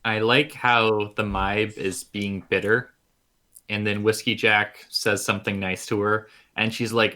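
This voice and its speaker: Wry man co-host with a bright, forceful voice reading chapter recaps. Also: fairly low pitch, flat delivery, measured pace. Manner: wry, joking. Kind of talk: casual book-club chat.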